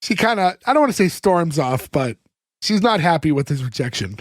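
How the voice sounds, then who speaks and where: A man's voice: fairly high pitch, sing-song, fairly quick, no room sound, studio quality. Chatty podcast man with a scratchy throat. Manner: laughs often, chatty. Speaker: podcast host. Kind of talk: casual podcast chat recapping a TV episode.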